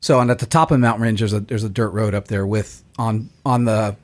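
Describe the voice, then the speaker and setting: A man's voice: lowish voice, steady tone, fast. Man explaining in casual chat. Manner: explains with restarts and repeats. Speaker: podcast co-host.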